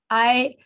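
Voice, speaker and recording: Brief: middle-aged woman from Argentina, design teacher on a video call, some vocal fry, chatty and explanatory. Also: fairly high pitch, sharp tone, rough recording. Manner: chatty, explains step by step with many fillers. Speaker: design instructor. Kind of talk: online class teaching. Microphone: computer mic on a video call.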